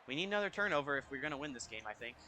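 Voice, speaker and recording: A young man giving casual, excitable commentary over a football video game, reacting out loud to each play. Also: medium pitch, rapid-fire, a little hiss or hum. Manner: excitable, reacting loudly to plays. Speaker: gaming YouTuber. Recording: faint music behind.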